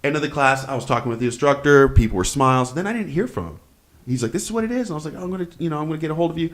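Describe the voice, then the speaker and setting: A man's voice: fairly high pitch, very fast. A man on a casual podcast, telling a story as a rant, swearing freely and acting out other people's lines. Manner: animated storyteller, swears freely, acts out dialogue. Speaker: podcast host.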